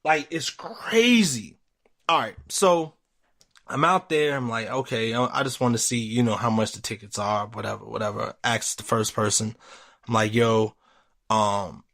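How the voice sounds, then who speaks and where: A young man hosting a podcast, telling a story in a casual, profane, animated way. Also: mid-range voice, unhurried, gravelly. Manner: animated, profane, retells quotes with voice jumps. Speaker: podcast host.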